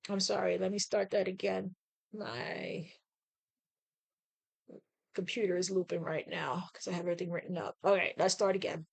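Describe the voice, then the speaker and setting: A woman hosting a podcast, leading listeners through a guided breathing and journaling exercise, coaching them with slow, deliberate prompts and frequent okays. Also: mid-range voice, vocal fry. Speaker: podcast host.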